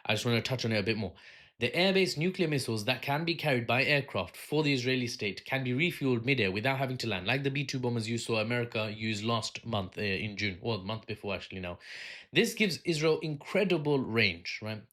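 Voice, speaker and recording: A man hosting a solo commentary video at an ordinary, mid-range male pitch. He talks in a sardonic, rambling way, breaking off for asides and filling gaps with ums. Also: animated, a little fast, fairly bright tone. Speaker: political commentary host.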